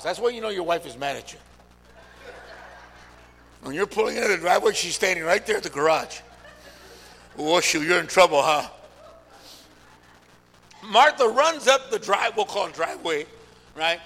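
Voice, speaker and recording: A high, gravelly male pastor preaching to a congregation, his bright voice ringing through a big hall with long reverb. He calls out to the crowd and swings from shouts to near whispers. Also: big pitch swings, normal speed, long pauses. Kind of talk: sermon. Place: large church hall.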